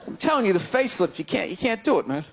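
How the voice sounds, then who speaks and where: Middle-aged man, stand-up comedian, very high voice, exasperated shouting rants, live club recording, laughing crowd, noisy. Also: big pitch swings, quick pace, creaky. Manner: loud, exasperated ranting with sudden shouts.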